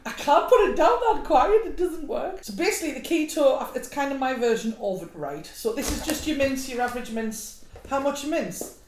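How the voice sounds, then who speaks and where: A woman's voice: high voice, expressive, moderate pace. A woman hosting a casual home cooking vlog, chatty and self-mocking with frequent giggles. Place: home kitchen. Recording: echoey room, noisy background.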